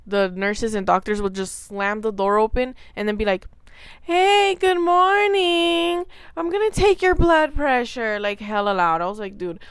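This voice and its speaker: A woman in her twenties telling a story to camera in a casual, animated way, full of fillers, swearing and acted-out quotes. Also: mid-range voice, smooth, no room sound. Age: 20s. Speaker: vlogger.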